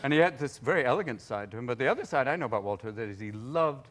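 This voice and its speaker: A man's voice: mid-range voice, lively intonation, very fast, a bit bright. A middle-aged man, a comedian guest on a talk show, talking in a manic way and jumping into silly voices. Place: television studio with audience. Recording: noisy studio with audience laughter.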